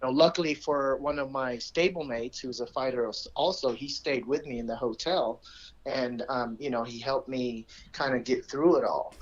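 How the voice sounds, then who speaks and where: Earnest coach, a man, lo-fi. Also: medium pitch. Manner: earnest, halting with many fillers and restarts. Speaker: Muay Thai coach, guest. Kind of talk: casual chat.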